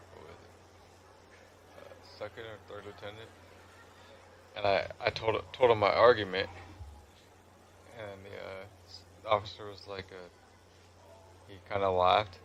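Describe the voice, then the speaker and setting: A man with a very low voice and a gravelly, fry-laden edge chats through a meandering story while playing a game. He keeps a casual, conversational tone, and a faint background hiss sits under his voice. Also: a bit bright, poor audio. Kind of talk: casual storytelling over gameplay.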